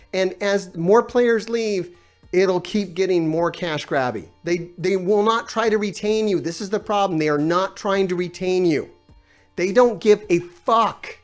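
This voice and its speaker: A man ranting on a gaming live stream, exasperated and sarcastic, swearing often while he reads out comments. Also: high-pitched.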